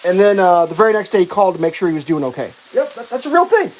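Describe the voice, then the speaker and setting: Woman, livestream host, casual rant, profane, exasperated, rambling, animated pitch, faint background noise. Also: a little fast, rough recording.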